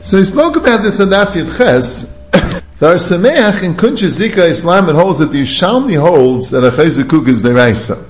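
Animated man teaching a Talmud class. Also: a little high. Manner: animated, quick back-and-forth reasoning. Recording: roomy echo.

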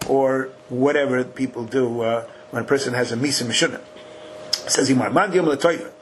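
A man teaching a Talmud study class, chanting Aramaic and Hebrew slowly and then translating it in a lively way. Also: medium pitch, slight background noise, rough recording.

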